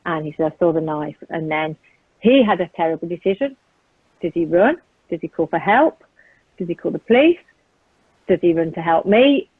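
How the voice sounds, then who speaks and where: A British woman gives earnest, vivid testimony about a violent attack in a conversation, retelling it in the present tense with frequent ums. Her low-leaning voice is expressive and breathy-edged at normal speed, pausing often, over a tinny, dry phone line.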